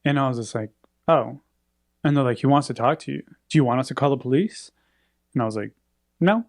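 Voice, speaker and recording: A man's voice: mid-range voice, a little fast. A man telling a story in casual chat, acting out the people in it. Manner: animated, acts out quoted voices.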